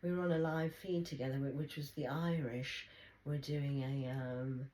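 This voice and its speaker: A woman giving a rambling spiritual monologue, swinging between loud exclamations and soft whispers. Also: rumbling low, fairly even intonation, normal speed, rough recording. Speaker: spiritual vlogger.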